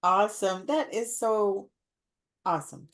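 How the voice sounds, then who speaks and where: A woman hosting a podcast wraps up a casual interview, effusive and laughing often, repeating words for emphasis. Her voice is mid-range and unhurried.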